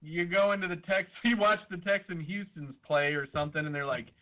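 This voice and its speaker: A man's voice: high voice, steady tone, brisk. A man co-hosting a podcast in casual, profane chat, arguing and joking. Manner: argumentative, jokey, swears a lot. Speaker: podcast co-host. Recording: tinny phone-like sound.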